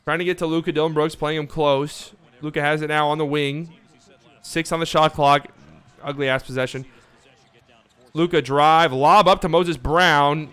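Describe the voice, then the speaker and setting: A man hosting a live watch party stream, calling the game in casual play-by-play that swings between calm calls and excited, swearing outbursts. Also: a little high, moderate pace, clean tone.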